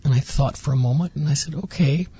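A man's voice: fairly high pitch, quick pace, dark tone, breathy edge, muffled recording. A man guest on a radio interview, earnestly recounting his experience and acting out quoted dialogue. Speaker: interview guest, former patient.

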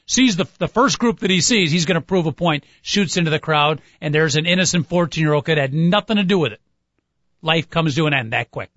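Man, talk radio co-host, steady earnest storyteller, dry lo-fi audio. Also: on the high side, fairly quick, dry recording. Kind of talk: sports talk radio chat. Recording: dull lo-fi, dry.

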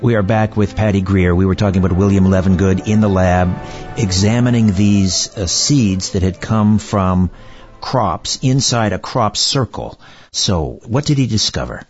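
A low-voiced man hosts a radio talk show and asks his guest pointed questions in a relaxed, conversational way. The sound is dull and lo-fi, with faint music in the background. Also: a little slow. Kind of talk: interview hosting.

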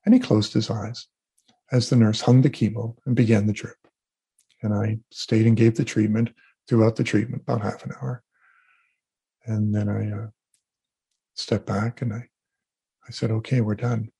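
A man being interviewed as an energy healer, telling animated stories and acting out what people said. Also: lowish voice, moderate pace, vocal fry, pauses often, breathy edge. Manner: animated storyteller, acts out quotes. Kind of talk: casual interview talk.

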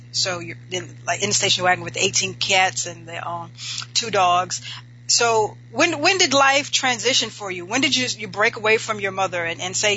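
Woman, talk host, bright tense tone, dull recording, faint background hiss. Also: medium pitch. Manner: conversational, with many fillers. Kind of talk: interview show hosting.

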